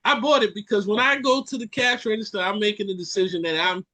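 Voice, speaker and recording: A Caribbean man hosting a podcast, ranting in an animated way and repeating lines for effect. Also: high voice, fast talker. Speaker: podcast host. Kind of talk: casual chat.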